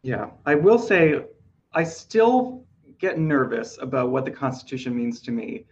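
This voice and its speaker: A man's voice: medium pitch, sing-song, unhurried, highs cut off. A man hosting a casual awards-prediction podcast, talking chattily with fillers while losing his voice. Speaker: podcast host.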